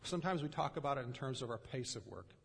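A man preaching a sermon in an earnest way, pausing often and letting his voice drop softly at the ends of phrases. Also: medium pitch, expressive, vocal fry, husky, in a large hall. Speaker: pastor.

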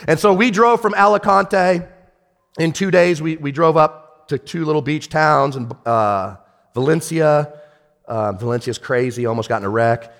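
Male pastor, slightly high voice, chatty storyteller with asides, long church-hall reverb. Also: unhurried. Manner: animated, chatty, many restarts and asides. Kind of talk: sermon storytelling.

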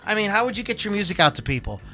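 A man's voice: sits high, big pitch swings, very fast, pushed and bright, a little hiss or hum. A man hosting a casual podcast chat, rambling with many fillers and restarts. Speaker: podcast host.

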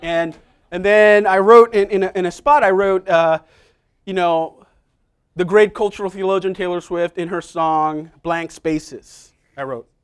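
A middle-aged man preaching a sermon in a church, telling personal stories in a conversational, self-deprecating way with quick asides to the congregation. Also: sits high, steady tone, clean tone.

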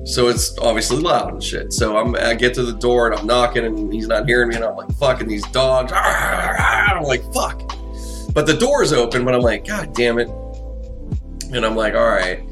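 A man's voice: medium pitch, a little fast, few pauses, music in the background. A man in a casual chat, telling a long, profane story with lots of restarts and fillers.

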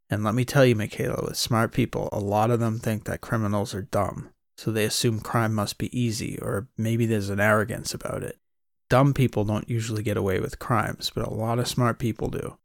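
Gravelly low man, wry storyteller. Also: no room sound, studio quality. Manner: wry, conversational storytelling as a private eye. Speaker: audiobook narrator. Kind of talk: first-person audiobook narration.

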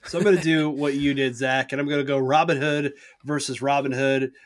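A man's voice: medium pitch, little pitch movement, fairly quick. Easygoing joking male co-host. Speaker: podcast co-host. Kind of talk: casual chat.

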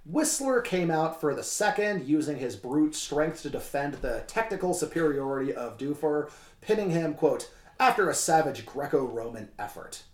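A man's voice: on the high side, normal speed. A man co-hosting a casual podcast, reading old wrestling reports aloud and riffing on them with jokes and swearing. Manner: animated, jokey, swearing, acts out quotes. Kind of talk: casual podcast chat with read-out history. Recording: roomy, echoey room sound.

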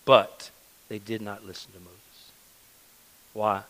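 A man's voice: lowish voice, flat delivery, takes it slowly, fairly bright tone, poor audio. A man preaching a sermon in a conversational, earnest manner, often repeating words for emphasis.

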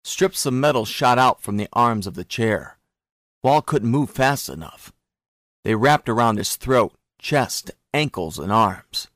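A man narrating a thriller story in a steady, even storytelling manner. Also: medium pitch, no echo, clean studio sound. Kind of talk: audiobook narration.

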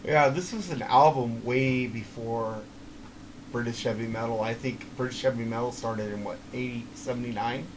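A man hosting a casual podcast, talking in a profane, excitable, ranting way. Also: medium pitch, normal speed, noisy background. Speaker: podcast host.

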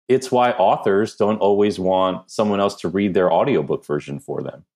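A man with a New Jersey accent, a podcast guest giving animated, self-deprecating answers in casual conversation. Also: low voice, normal speed. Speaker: podcast guest, brand strategist.

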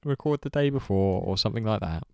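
Rambling podcast host man, smooth voice. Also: lowish voice, expressive, quick pace, no echo, studio quality. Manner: rambling, laughs often, many fillers. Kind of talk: casual chat.

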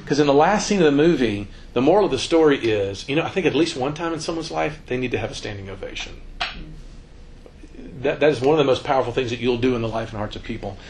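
This fast-talking, middle-aged youth ministry speaker, with a mid-range voice, gives a lively conversational talk at a church seminar and acts out quotes as he goes. Slight background noise comes through on the low-quality recording.

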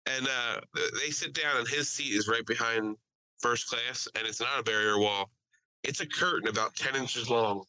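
A man co-hosting a podcast, telling a story in casual chat, animated and profane, laughing often and acting out what others said. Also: mid-range voice, normal speed, a little hiss or hum, low-quality recording. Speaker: podcast co-host. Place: podcast studio.

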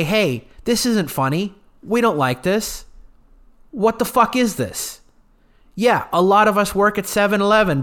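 Earnest man hosting a solo podcast. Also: on the high side. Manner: earnest, opinionated, thinks aloud with fillers. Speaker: podcast host.

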